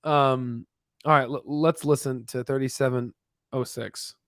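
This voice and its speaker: Speaking at a measured pace, a man with a medium-pitched, fairly bright voice and fairly even intonation hosts a laid-back stock livestream. He's tired and yawning, rambling with many restarts and fillers. The recording is dry, with clean studio sound.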